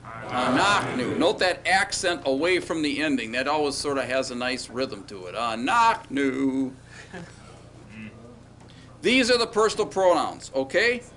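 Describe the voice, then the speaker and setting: With a fairly high, sing-song voice, this man talks at a moderate pace and hardly pauses, against background noise. He leads a Hebrew grammar class in call-and-response drills, often checking in with "okay" and "all right."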